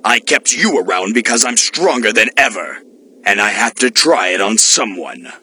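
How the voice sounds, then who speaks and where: A man's voice: lowish voice, lively intonation, normal speed, sharp tone, husky, exaggerated voice. An actor voicing a boastful, menacing male demon villain in an anime dub, taunting his foe. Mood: gloating.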